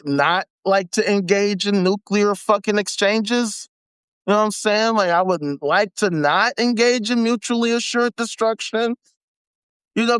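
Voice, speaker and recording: A man's voice: high-pitched, a bit bright, clean tone, no echo. A man hosting a live stream, ranting angrily and sarcastically with heavy swearing. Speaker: livestream host. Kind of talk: angry profane rant.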